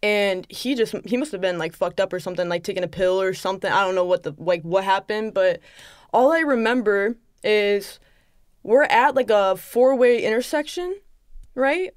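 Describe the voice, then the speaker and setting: A woman's voice: mid-range voice, no room sound, clean studio sound. A young woman on a podcast telling a story in casual chat, quoting people back and forth. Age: young adult. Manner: animated, quick retelling with many quoted asides. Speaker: podcast guest. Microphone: studio microphone.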